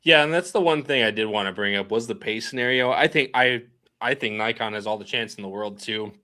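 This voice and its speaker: A man hosting a casual racing podcast, chatty and quick to laugh as he reads out the live chat. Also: lowish voice, pushed and bright. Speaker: podcast host.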